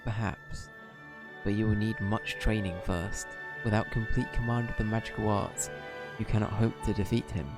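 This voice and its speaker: Streamer guy reading as a grave old sage, low voice, game music under. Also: steady tone, moderate pace, lightly acted. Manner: reading aloud, formal. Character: wise older male sage, formal.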